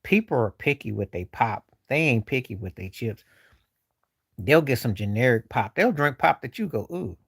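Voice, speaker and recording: A man's voice: medium pitch, expressive, moderate pace, slightly rough, no room sound, studio quality. A man hosting a livestream, rambling loosely with slang while answering viewers in casual chat. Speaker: livestream host.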